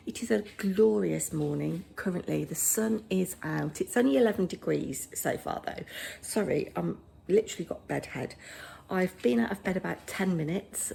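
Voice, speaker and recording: A woman's voice: fairly low pitch, normal speed, gravelly, dark tone, a little hiss or hum. A middle-aged woman vlogging at home. She is chatty and self-deprecating and rambles casually. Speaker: vlogger, drama teacher.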